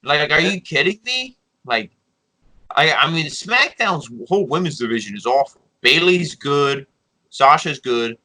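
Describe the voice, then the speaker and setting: A man with a strikingly bright, sharp tone talks through a wrestling show in a loose podcast chat. He rambles and gets animated, slipping into quick acted-out lines of what was said. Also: fairly high pitch, poor audio.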